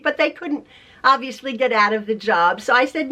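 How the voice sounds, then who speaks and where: Talking to camera about quilting, an older woman is chatty, emotional, and quick to laugh, though worn out after an illness. Her high-pitched voice has lively intonation and a bright, forceful tone at normal speed, recorded at home and later in her parked car.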